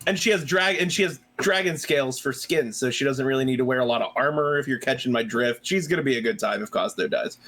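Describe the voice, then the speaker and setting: Casting note: excitable male player, bright voice, quick to laugh. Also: medium pitch, a little hiss or hum. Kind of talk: casual chat about tabletop characters.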